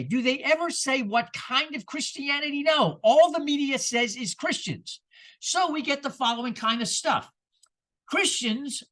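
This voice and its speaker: A man preaching a sermon as minister, animated and rhetorical, with sarcastic asides. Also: extremely high pitch.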